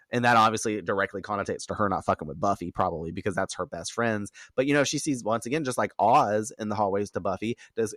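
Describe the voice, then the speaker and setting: A man casually recapping a TV episode, animated and profane, often laughing and acting out characters' lines. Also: lowish voice, dry recording, clean studio sound. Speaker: TV episode reaction commentator.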